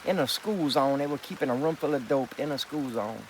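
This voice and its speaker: A man's voice: medium pitch, brisk, a little hiss or hum, poor audio. A middle-aged man, rambling through a profane, insistent vlog monologue. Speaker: vlogger.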